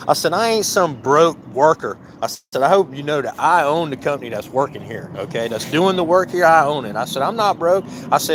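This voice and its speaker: Standing outside by a work trailer near a building, a man with a medium-pitched, fairly bright voice indignantly tells the camera about police stopping him at his work site. He reenacts the exchange from both sides, saying "I said" again and again. A little hiss or hum is audible.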